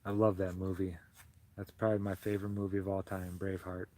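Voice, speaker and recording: A soft-spoken, sentimental man hosting a casual livestream chat while he crochets and greets his viewers fondly. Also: low voice, little pitch movement, fast. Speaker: livestream host.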